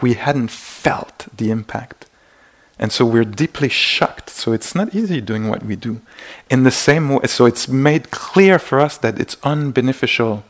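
Gravelly-voiced male meditation teacher. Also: mid-range voice. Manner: gentle, searching, many restarts and acted-out inner exclamations. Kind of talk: dharma talk. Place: meditation retreat hall.

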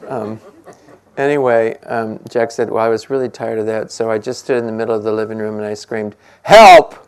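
Older male meditation teacher, gravelly, unhurried and gentle, laughs easily. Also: lowish voice, level tone. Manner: gentle, musing, laughs often. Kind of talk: relaxed dharma talk.

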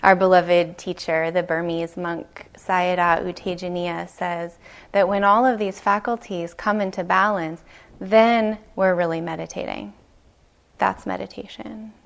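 Woman, meditation teacher, dharma talk, unhurried, soft pauses, gravelly. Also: lowish voice, steady tone. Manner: slow, gentle storytelling with soft pauses. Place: retreat meditation hall.

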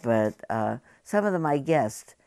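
A woman meditation teacher giving a conversational, halting talk to a group, often turning to ask the audience questions. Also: a bass voice, big pitch swings, dark tone, dry recording. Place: meditation hall.

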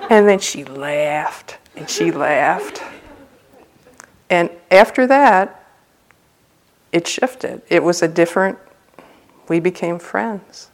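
A woman's voice: fairly low pitch, sing-song, takes it slowly, long pauses, slight background noise. A woman meditation teacher giving a dharma talk at a retreat center, telling a personal story in a humorous, loose, conversational way.

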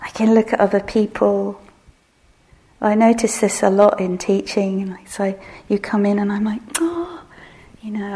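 A middle-aged woman giving a relaxed meditation talk, soft-spoken and self-deprecating with frequent laughter. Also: medium pitch. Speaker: meditation teacher.

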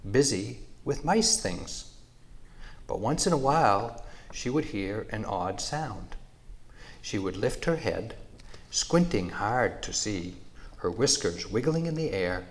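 Slow, low-voiced male storyteller. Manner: measured, unhurried.

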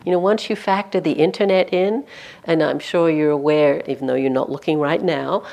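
A woman meditation teacher giving a conversational dharma talk at a retreat center, full of "you know" and dropping softly on key points. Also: low voice, fairly even intonation, moderate pace, gravelly.

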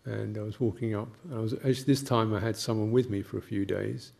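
An older man, a Buddhist monk, giving a gentle, halting reflective talk with anecdotes and soft laughs. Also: on the low side, fairly even intonation, creaky.

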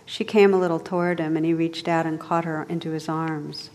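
A woman meditation teacher reading a story aloud in a soft, measured way. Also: sits low, little pitch movement. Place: meditation hall. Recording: long hall reverb.

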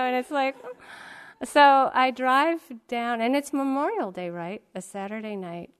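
A woman's voice: high voice, lively intonation, normal speed, clean tone. A middle-aged woman from Massachusetts, a meditation teacher giving a talk, telling a story in a chatty, self-mocking way with many asides.

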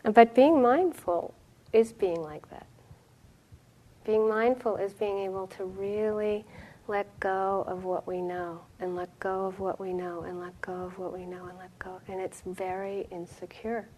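A middle-aged woman teaching meditation, her voice sitting in an ordinary middle range. She talks in a reflective, storytelling way, with soft pauses. The delivery is that of a gentle dharma talk. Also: medium pitch, fairly even intonation, poor audio.

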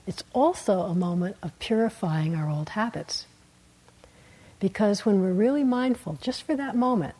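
A woman meditation teacher giving a dharma talk in a gentle, unhurried way, laughing softly and letting her endings fall quiet. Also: mid-range voice, husky, poor audio. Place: meditation hall.

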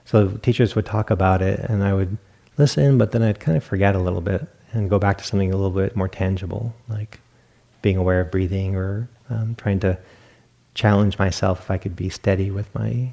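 A man with a low, gravelly voice gives a meditation talk in an easygoing, reflective way. His tone is dark and mellow, and he tells stories with small self-amused laughs. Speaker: meditation teacher. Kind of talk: dharma talk at a retreat. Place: meditation hall.

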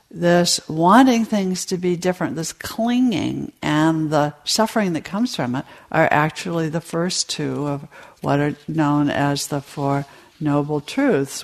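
A woman meditation teacher giving a dharma talk to retreat participants, in a slow, storytelling delivery. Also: low voice, creaky.

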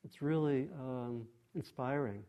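A man giving a dharma talk in a meditation hall, speaking at a middle pitch. He talks thoughtfully and gently, often pausing and restarting his phrases as he reaches for the right words. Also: clear, resonant tone, lo-fi sound. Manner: thoughtful, many restarts and pauses. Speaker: meditation teacher.

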